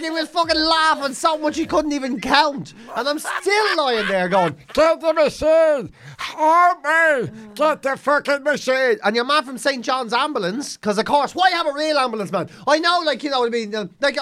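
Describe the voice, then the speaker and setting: A man, a comedian and podcast host, telling a funny story with lots of swearing and loud re-enacted shouts. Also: very high-pitched, lively intonation, a little fast, few pauses. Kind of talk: comic storytelling.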